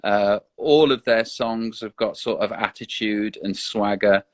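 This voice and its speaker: A man's voice: on the low side, steady tone, a little slow, no echo. Hesitant man, dry sound. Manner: hesitant, stumbling restarts. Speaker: guest. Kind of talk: casual live-stream chat. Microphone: online live video call.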